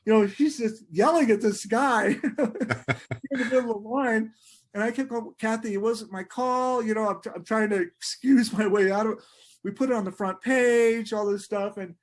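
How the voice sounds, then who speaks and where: During a podcast interview, this middle-aged man, a sports writer, spins animated stories, frequently breaking into laughter and restarting his sentences. He has a high-pitched voice.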